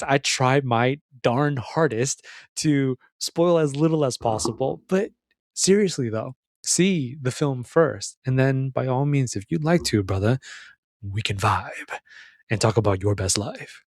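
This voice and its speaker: A man's voice: mid-range voice, dry recording, studio quality. A young adult man hosting a casual film talk for men, rambling and calling the listener brother. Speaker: men's self-help film commentator. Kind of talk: casual monologue about a film.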